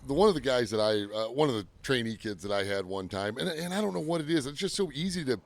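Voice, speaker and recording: A man co-hosting a casual podcast, a lively storyteller who laughs often. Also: mid-range voice, fast talker, no room sound. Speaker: podcast co-host, auto technician.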